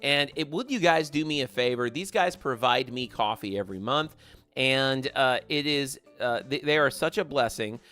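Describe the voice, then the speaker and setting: Male game streamer, chatty and upbeat, bright forceful tone, light music playing underneath. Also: mid-range voice, lively intonation, normal speed. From American South. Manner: chatty, upbeat, thanks viewers by name. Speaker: livestream gaming host. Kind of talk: casual livestream chat reading viewer comments.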